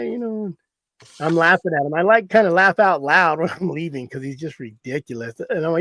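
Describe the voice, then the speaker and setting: A man's voice: fairly high pitch, lively intonation, normal speed, creaky, a bit bright, dry recording. A middle-aged man, rambling through a hunting story in a folksy way and laughing at it himself. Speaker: hunting guide. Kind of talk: casual storytelling.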